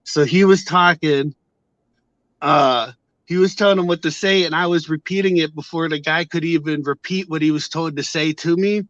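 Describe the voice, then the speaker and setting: A man casually telling a story to his viewers on camera, heated and profane, acting out shouted exchanges. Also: on the high side, normal speed, no echo, lo-fi sound. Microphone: camera mic.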